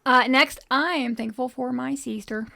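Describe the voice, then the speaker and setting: Female co-host, somewhat high voice, casual and meandering, lots of pauses and fillers. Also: creaky. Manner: warm, hesitant, many "um"s and "like"s. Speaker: podcast co-host. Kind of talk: casual chat. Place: home podcast setup in Alaska.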